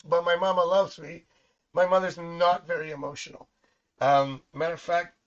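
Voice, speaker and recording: A talkative middle-aged psychic does live-stream tarot readings and casual chat, rambling into family stories and laughing often. His voice is a little high for a man, pushed and bright, and the stream audio is dull and lo-fi.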